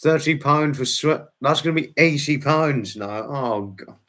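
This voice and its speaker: Slow, rambling man streaming. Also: a little high, bright, forceful tone. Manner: rambling, fussy, with many restarts and exclamations. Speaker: live streamer. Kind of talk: casual chat answering viewers.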